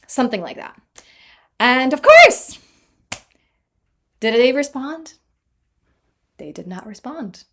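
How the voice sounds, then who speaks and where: A young adult woman telling a personal story in a casual vlog, chatty and animated, often laughing at herself. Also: high-pitched, slow, pauses often. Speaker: vlogger.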